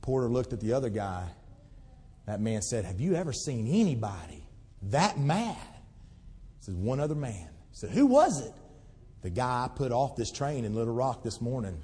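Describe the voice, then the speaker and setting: A pastor preaches in a church sanctuary, spinning folksy stories and veering between loud, worked-up outbursts and soft, pleading lines. His voice is a little husky. A long reverb trails behind every phrase. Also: medium pitch, very animated, normal speed. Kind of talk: sermon.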